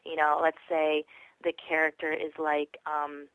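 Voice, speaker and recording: A woman with a lowish voice, talking through her craft in a relaxed, rambling way. She thinks aloud with plenty of ums and likes. She is recorded close and dry, with no room sound. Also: a little slow, clean tone, no echo, phone-quality sound. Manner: reflective, chatty, many fillers. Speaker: voice actress, interview guest. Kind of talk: casual interview chat.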